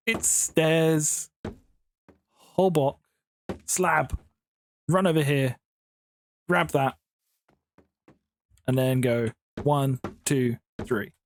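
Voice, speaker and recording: This man's voice is on the high side with fairly even intonation; he draws out his words and pauses often. He's a Minecraft YouTuber building in the game at home, casually rambling through giggly stories as he plays.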